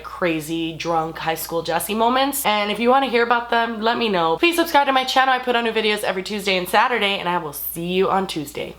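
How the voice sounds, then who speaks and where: Young woman vlogger, storytime, animated and profane, dramatic delivery. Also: medium pitch. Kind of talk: storytime vlog.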